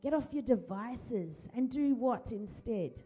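Woman pastor, high warm voice, gentle, encouraging, repetitive phrasing, handheld mic in a church. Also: animated, unhurried, slightly rough. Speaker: pastor leading a church service. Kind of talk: worship prayer and children's talk. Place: church hall. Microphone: handheld microphone.

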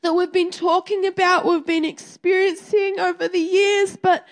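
A woman's voice: extremely high pitch, flat delivery, moderate pace. A woman sharing an emotional spoken testimony in a heartfelt, repetitive way, as a ministry speaker.

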